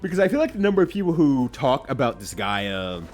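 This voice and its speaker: A man's voice: medium pitch, sing-song, a little fast, faint music behind. A man streaming live, chatting casually while he plays, rambling along and correcting himself as he goes.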